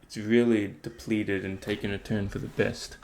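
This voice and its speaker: Flat, gravelly-voiced man musing. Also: lowish voice, normal speed, a little hiss or hum. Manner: rambling, thinking aloud with many fillers. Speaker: meditation vlogger. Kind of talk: casual reflective talk.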